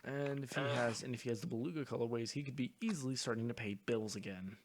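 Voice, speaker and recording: A man's voice: mid-range voice, slight background noise. A young man hosting a casual podcast, joking as he reads out questions. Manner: joking, quick question-asking. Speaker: podcast host asking questions. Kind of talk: casual chat.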